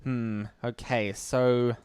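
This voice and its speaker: A man with a smooth, clear, mid-pitched voice talks through a casual livestream. He is blunt and sardonic, swears without a second thought, and stops to restart his sentences as he goes. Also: level tone, darkish tone, no room sound. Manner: halting, with frequent restarts. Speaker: livestream host.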